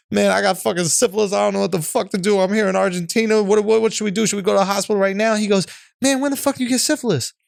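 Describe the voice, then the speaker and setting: A man's voice: high voice, vocal fry, no room sound, clean studio sound. A man co-hosting a podcast, telling a story in a rambling, casual way, cursing freely and checking in with "right?". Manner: rambling, swears freely, peppers talk with "right?". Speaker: podcast co-host.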